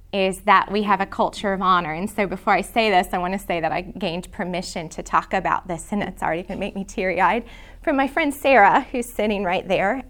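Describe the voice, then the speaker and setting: A middle-aged woman teaching a church prayer class, earnest and emotional, dropping into soft whispers when she quotes prayers. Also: mid-range voice.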